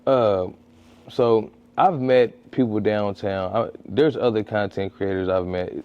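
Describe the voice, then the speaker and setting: Here the comedian and street-interview creator speaks at a measured pace with a clean tone, though the audio comes across dull. In this relaxed podcast interview he spins stories with animation, voices quotes in a high pitch, and frequently starts over. A podcast studio mic picks him up.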